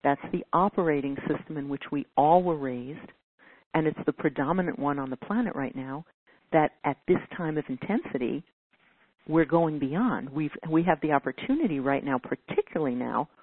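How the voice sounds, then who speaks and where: This low-pitched, slightly rough female voice moves with lively intonation at an ordinary pace. In a teaching talk she takes a caller's question earnestly, now and then slipping into whiny impressions, and the phone-style recording is dry, without echo.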